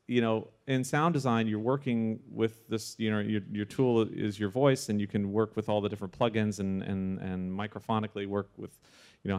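Animated man telling a story on stage. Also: fairly low pitch. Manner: lively, with frequent restarts and laughter. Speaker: sound designer on a panel. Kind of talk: anecdotal storytelling at a live panel. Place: live evening event before an audience.

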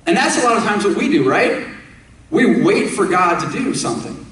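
A man's voice: high voice, lively intonation, normal speed, a bit bright, recorded from a distance. A man preaching a sermon, emphatic, putting direct questions to his congregation. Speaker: pastor. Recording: echoey room, speaker away from the mic.

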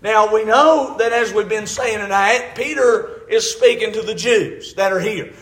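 A man's voice: high voice, a little slow, a bit bright. A man preaching a folksy, emphatic sermon, often saying "amen" and "all right.". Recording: echoey room.

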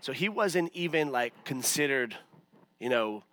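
A man's voice: medium pitch, lively intonation, unhurried, fairly bright tone, dry recording. A man, a pastor, preaching a sermon in a conversational, self-mocking way. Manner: conversational, self-mocking, many fillers and restarts.

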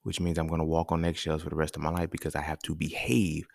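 Male podcast host, very low gravelly voice, blunt profane rant, dry close mic. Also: fast, no echo. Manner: blunt, profane, animated rants with rhetorical questions. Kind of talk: casual solo podcast monologue.

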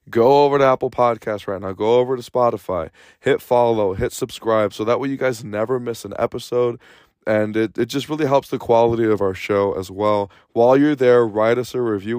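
A man's voice: medium pitch, dry recording, studio quality. A man hosting a sports podcast, talking casually and energetically, a bit out of breath, rambling and restarting his sentences. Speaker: podcast host.

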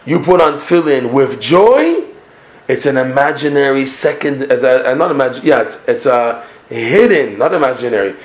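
A man's voice: medium pitch, lively intonation, normal speed, reverberant. A man giving a Torah lesson, earnest and emphatic, often repeating and rephrasing his points. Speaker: Torah teacher.

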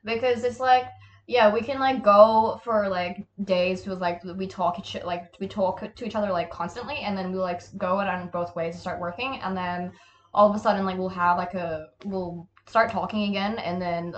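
A woman's voice: mid-range voice, a little hiss or hum. A young woman co-hosting a casual podcast, rambling with lots of fillers and giggling often. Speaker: podcast co-host. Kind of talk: casual chat.

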